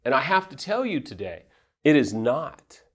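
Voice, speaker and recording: A man's voice: mid-range voice, sing-song, moderate pace. A man coaching couples in affair recovery, speaking directly to viewers in an earnest, emphatic way with self-deprecating asides. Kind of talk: direct advice talk to viewers.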